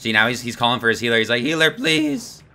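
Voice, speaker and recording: A young man giving live, excitable gameplay commentary to his chat, swearing and laughing as he plays. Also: medium pitch, racing, clear, resonant tone. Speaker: streamer.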